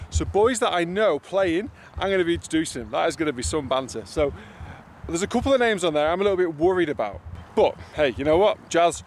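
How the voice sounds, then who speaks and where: A man's voice: a little high, expressive, fast, a little hiss or hum. A man with a Manchester accent hosting a casual golf vlog, playful and self-mocking in his jokes. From England. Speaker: golf channel host and tournament starter. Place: outdoors on a golf course.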